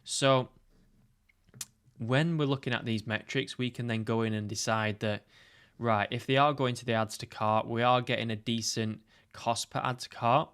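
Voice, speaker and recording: A man's voice: mid-range voice, fairly even intonation, normal speed, fairly bright tone, clear, resonant tone. A man coaching on ad marketing, explaining step by step in a casual tutorial with many "you know" fillers. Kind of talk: screen-share tutorial.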